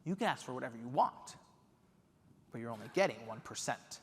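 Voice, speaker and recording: A young man voicing a gruff middle-aged mob music executive, speaking low and curt in a reverberant hall. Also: lively intonation, brisk, close to an everyday voice. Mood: menacing. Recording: long reverb of a large hall.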